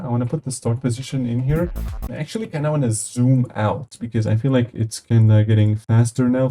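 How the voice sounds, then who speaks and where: A man's voice: mid-range voice, mellow. A man casually talking through a game editor tutorial in a chatty, upbeat way, with lots of fillers and sound effects said aloud. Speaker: tutorial host.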